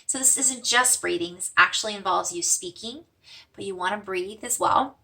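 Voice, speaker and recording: A woman teaches simple breathing exercises in a gentle, reassuring way. Her voice is bright with a gravelly edge. She sounds a little distant from the microphone. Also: mid-range voice. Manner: gentle, slows and softens for mantras, fades to whispers. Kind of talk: guided breathing lesson.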